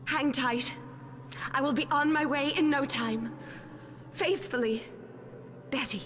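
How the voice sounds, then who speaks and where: A woman's voice: high voice, slow, fairly bright tone, slight background noise. An actress voicing a young 1940s woman earnestly reading out tender, hopeful letters to her sweetheart in a video game. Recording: game audio under music.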